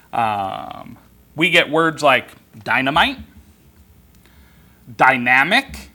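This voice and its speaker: A man preaching a sermon that explains scripture word by word, in a deliberate way with frequent ums and restarts. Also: a little high, pushed and bright. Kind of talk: expository Bible teaching.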